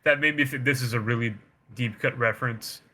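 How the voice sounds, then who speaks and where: A man's voice: mid-range voice, fairly quick, a crowd in the background. Laid-back chuckling man co-host. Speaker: podcast co-host. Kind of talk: casual chat.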